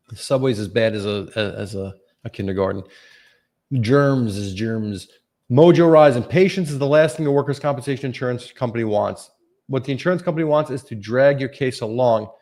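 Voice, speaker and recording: A man's voice: mid-range voice, a little mellow. A middle-aged man, a lawyer reading viewer questions aloud and answering them in a casual, offhand live-stream chat with jokey asides.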